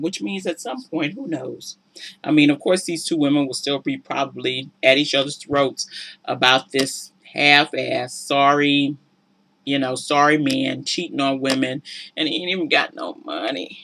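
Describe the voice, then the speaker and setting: A woman's voice: very deep voice, a little slow, creaky, fairly bright tone. A woman giving casual, sassy and preachy commentary on a reality show, exasperated with the people in it. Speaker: relationship commentator.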